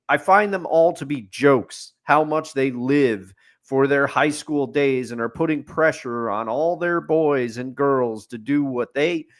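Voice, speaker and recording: A man co-hosting a podcast, giving an opinionated, rambling movie review in casual chat with fillers and restarts. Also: fairly high pitch. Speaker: podcast co-host. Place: studio.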